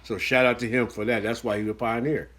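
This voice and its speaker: A man's voice: medium pitch, flat delivery, quick pace, a bit bright. Host guy reacting to an old interview, mid voice, laid back and thoughtful. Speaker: podcast host reacting to a clip. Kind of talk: casual commentary.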